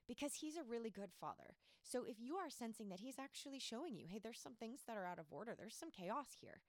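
A woman hosting a faith podcast, teaching with earnest emphasis and chatting warmly with a friend. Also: mid-range voice, no echo, clean studio sound. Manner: earnest, emphatic, laughs often. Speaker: podcast host.

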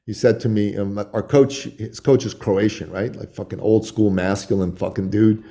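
A man in his forties, a podcast guest, telling stories in a loose, animated way with lots of swearing. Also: on the low side, normal speed, creaky. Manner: profane, animated storytelling. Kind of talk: casual podcast storytelling.

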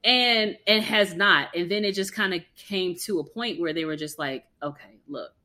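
A woman with a bright, forceful voice talks with friends in a casual chat. She speaks as a clinician, in an animated and slangy way, and acts out what others say. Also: medium pitch, moderate pace. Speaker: health clinician.

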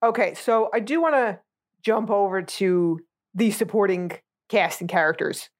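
A woman's voice: medium pitch, measured pace. A woman co-hosting a podcast, chatting casually about a movie in a blunt, sarcastic, sweary way. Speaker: podcast co-host.

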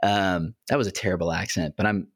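A man's voice: deep voice, fairly even intonation, a little slow, dry recording, studio quality. A man co-hosting a podcast, talking earnestly and reflectively with many fillers. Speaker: podcast co-host. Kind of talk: casual discussion.

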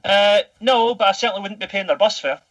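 A man's voice: high-pitched, brisk, a bit bright, rough recording. A Scottish man in his thirties chatting on a podcast, telling stories animatedly and swearing freely. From Scotland. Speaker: podcast guest. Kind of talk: casual podcast chat.

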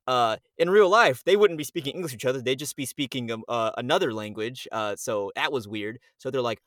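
A man's voice: mid-range voice, quick pace, few pauses, no room sound, clean studio sound. A young man from Miami, a guest voice actor, chatting casually and acting out quotes as he tells stories. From Miami, USA. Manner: animated storyteller, acts out quotes. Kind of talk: casual podcast chat.

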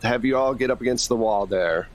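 A bossy undercover detective in a put-on American accent, as a man acts him out. He speaks firmly and coaxes with quiet menace, in a plain mid-pitched voice. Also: brisk, lightly acted. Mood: stern. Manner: firm, commanding, coaxing.

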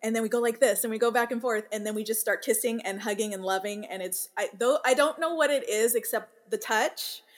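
A woman in her thirties, a working mother and podcast guest, telling family stories in a lively way and laughing as she talks. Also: fairly high pitch, fairly quick, hardly any pauses. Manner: animated storyteller, laughs while talking. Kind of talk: casual interview chat.

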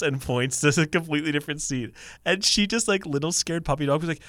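A man co-hosting a casual podcast, telling an animated story with quick restarts. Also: fairly high pitch, dry recording, studio quality. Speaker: podcast co-host.

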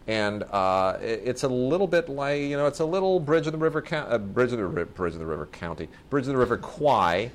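A man hosting a podcast chats enthusiastically and casually about films, frequently restarting his sentences. His medium-pitched voice swings widely, moving fairly quickly with hardly any pauses.

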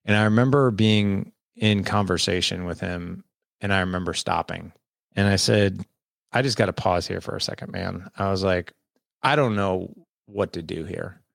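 A man's voice: low-pitched, moderate pace, gravelly, fairly bright tone, no echo, clean studio sound. A man, candidly telling a personal story as a podcast guest and acting out the dialogue. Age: 40s. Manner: candid, conversational, quotes people in dialogue.

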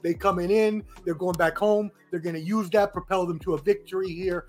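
A man giving energetic, enthusiastic picks as a guest on a casual sports talk show. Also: high voice, brisk, faint music behind. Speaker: guest analyst.

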